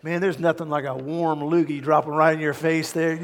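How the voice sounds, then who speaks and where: A man's voice: fairly high pitch, normal speed. Preaching man in a reverberant hall. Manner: animated storytelling, swings from quiet to loud. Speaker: pastor. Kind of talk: sermon. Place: large church hall.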